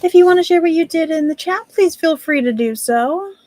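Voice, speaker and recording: A high-pitched woman chats casually as she hosts a writing stream from home. She laughs easily and apologizes often. Her voice sits close to the mic, dry and free of room sound. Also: expressive, a little fast, darkish tone, dry recording. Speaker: stream host. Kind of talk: casual chat during writing sprints.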